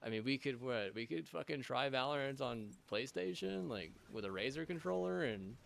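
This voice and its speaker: A man's voice: medium pitch, animated, moderate pace, vocal fry, a little hiss or hum. A man streaming, in a rambling rant full of swearing, restarts and filler words.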